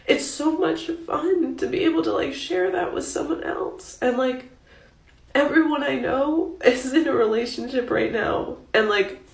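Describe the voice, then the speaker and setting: Brief: a tearful woman, halting and apologetic, gravelly, in an echoey room. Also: high voice. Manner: halting, filler-heavy, apologetic. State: crying. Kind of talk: confessional vlog.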